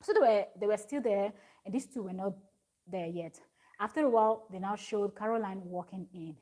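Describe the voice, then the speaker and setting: A woman's voice: medium pitch, moderate pace, warm tone. A woman recapping a reality show in a rambling, chatty way, with lots of fillers and restarts. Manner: rambling, many fillers and restarts, reads viewer comments. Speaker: recap vlogger.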